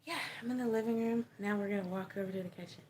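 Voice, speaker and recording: A woman's voice: medium pitch, rapid-fire, darkish tone, slight background noise. A woman with a Texan accent chatting casually on a livestream from her small home, laid-back and chatty, laughing often and greeting viewers.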